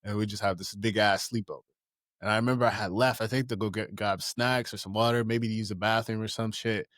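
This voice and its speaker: A young man co-hosting a podcast, telling rowdy stories in casual chat and breaking into high-pitched impressions of friends. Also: fairly even intonation, fast, a bit bright, no room sound, studio quality. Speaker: podcast co-host.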